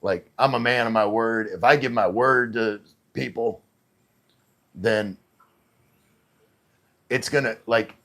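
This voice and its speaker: A man's voice: mid-range voice, takes it slowly, long pauses, a bit bright. A middle-aged man chatting casually on a live stream, reading viewers' messages aloud and answering them. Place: home in the Philippines.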